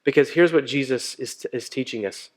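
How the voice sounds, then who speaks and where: A man's voice: medium pitch, normal speed. A man preaching a sermon in a conversational way, with frequent fillers and restarts. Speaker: pastor.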